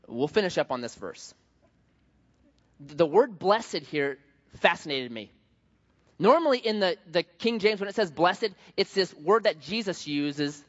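A man delivers a casual, joking sermon, his voice rising and falling with lively swings. He sounds a touch high for a man, and the dull recording carries a long hall echo. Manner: conversational and jokey, with many restarts. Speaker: preacher.

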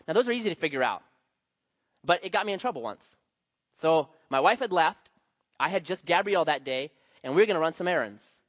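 A man's voice: fairly high pitch, no room sound, muffled recording. A male pastor preaching a sermon in a conversational, emphatic way, mixing teaching with personal stories. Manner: conversational, emphatic, varies loudness for stress. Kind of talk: sermon with anecdotes.

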